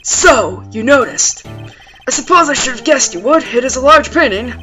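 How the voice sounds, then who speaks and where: A worried, fatherly old lawyer with a Southern US drawl, put on by a woman speaks in courtly, old-fashioned phrases. The voice stays high and animated, with a bright ring. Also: normal speed, soft background music. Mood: troubled. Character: older male lawyer, fretful and fatherly.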